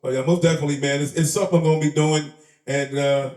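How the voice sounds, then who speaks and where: Talking fast in a slightly high, darkish voice with fairly even intonation, this Bronx-born rapper and comedian is interviewed casually at a live shop event. He laughs, sounds streetwise, and voices the characters in his animated stories. The audio is roomy, picked up a bit away from the mic.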